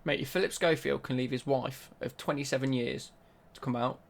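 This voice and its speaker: A young man talks through a gaming live stream, his voice carrying a gravelly, creaky edge. He banters loosely with his chat, reading out questions and firing back answers in a mid-range pitch. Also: steady tone, fairly quick.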